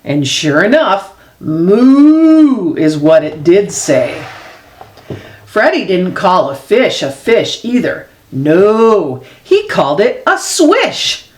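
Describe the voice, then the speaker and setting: A woman reading a children's picture book aloud as a storyteller, expressive and unhurried, dropping low for the grown-ups. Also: roomy sound. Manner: slow expressive read-aloud with lively swings; drops low and soft for the grown-ups' voices.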